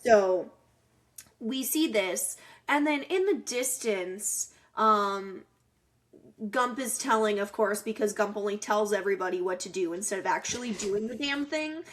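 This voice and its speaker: Female podcast co-host, mid pitch, blunt jokey recap, mock-quoting characters. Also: a little slow. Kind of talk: casual movie recap chat.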